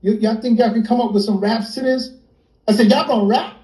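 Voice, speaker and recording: A New York man with a fairly high, warm, mellow voice is an interview guest, a rapper and producer, telling a story in a brisk, animated way and voicing each friend's lines in turn. He's on a phone or computer livestream, and the room sounds echoey.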